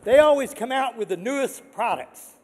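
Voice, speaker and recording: An older man giving an earnest, excitable award acceptance speech, repeating words for emphasis. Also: very high voice, moderate pace. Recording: long reverb of a large hall.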